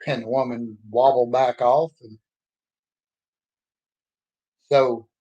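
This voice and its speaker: A man's voice: medium pitch, fairly even intonation, slow, warm tone, lo-fi sound. A man telling a folksy, blunt story in a casual monologue. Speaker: author and speaker.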